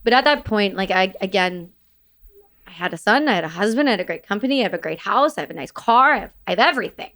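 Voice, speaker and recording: A woman's voice: medium pitch, expressive, quick pace, fairly bright tone. A woman in her thirties, a veteran guest on a podcast, telling her story candidly in casual interview talk and acting out quoted dialogue. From Canada.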